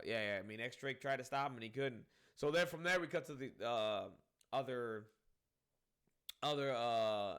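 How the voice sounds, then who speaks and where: A man giving a casual spoken review of a comic chapter, rambling and animated, swearing freely and filling gaps with "um" and "you know what I mean". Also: on the low side. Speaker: manga reviewer.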